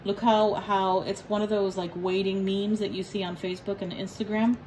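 A woman's voice: medium pitch, little pitch movement, normal speed, darkish tone, a little hiss or hum, poor audio. A woman giving a casual tarot reading, blunt and profane, joking and teasing as she talks. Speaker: tarot reader.

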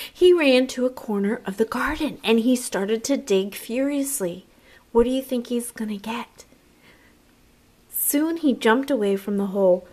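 A woman teacher reads a picture book aloud to children, slowly and expressively, stopping now and then for little asides to her young listeners. Her voice is on the high side.

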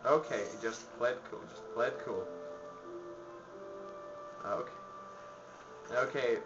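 Male let's-play commentator, panicky yelling and low mutters, dull lo-fi audio with faint music underneath. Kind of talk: game commentary.

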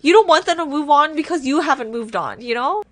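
A woman gushing through casual reaction commentary, excitable, swearing often and saying "oh my god" a lot. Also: high-pitched, a little fast, no room sound. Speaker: reaction video creator. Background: faint music video playing.

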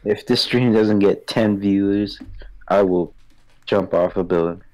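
Slow-talking low-voiced man joking. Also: rough recording. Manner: dark joking, laughing. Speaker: streamer playing cards. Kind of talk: casual chat over a card game.

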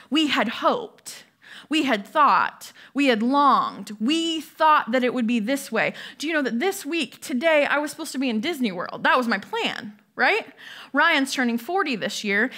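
A woman gives a sermon from a church, talking easily and in a conversational way. Her voice sits a little high, and she keeps asking the congregation questions as she preaches. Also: a bit bright. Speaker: pastor.

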